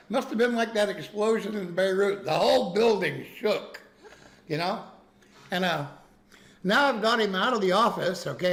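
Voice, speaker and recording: His voice sits high, fairly bright, with vocal fry, as a man rambles through a casual story for his chat. He restarts repeatedly and keeps asking "okay?"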